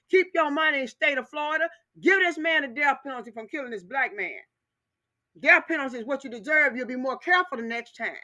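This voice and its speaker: A woman delivers an impassioned commentary rant in a high voice. She hammers her points home over and over with a fiery, preaching cadence, and her tone stays bright and sharp throughout. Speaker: video commentator.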